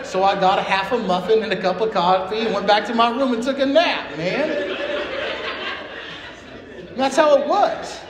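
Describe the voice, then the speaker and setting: A man's voice: sits high, moderate pace, long pauses, crowd noise. A man giving a personal share at a recovery meeting, blunt and profane, full of street slang. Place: meeting room. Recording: echoey meeting room.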